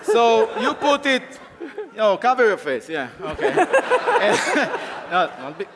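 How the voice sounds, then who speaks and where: A man's voice: very high voice, wildly swooping pitch, slow, background noise. A man giving a live coding talk on stage, playful and laughing often as he directs volunteers. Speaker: conference speaker. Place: conference stage. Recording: echoey conference hall with audience.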